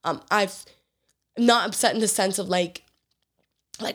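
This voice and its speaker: A woman hosting a casual solo podcast, hoarse and raspy from being sick, talking in an earnest, open way with lots of casual fillers. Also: mid-range voice, fairly even intonation, takes it slowly, long pauses, fairly bright tone. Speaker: podcast host.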